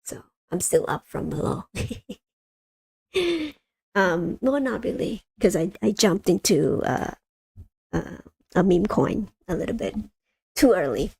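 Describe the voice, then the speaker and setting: A woman's voice: fairly low pitch, sing-song, takes it slowly, vocal fry, long pauses, warm tone, breathy edge, no echo. A woman hosting a casual livestream, rambling with many fillers and talking straight to her viewers. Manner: rambling, many ums, addresses viewers as you guys. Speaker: livestream host.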